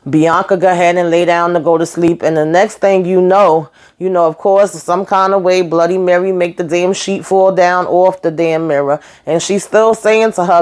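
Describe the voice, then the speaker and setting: A woman recapping a TV episode in a casual, chatty way. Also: fairly low pitch. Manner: chatty, animated retelling with acted quotes and asides. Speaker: YouTube reviewer.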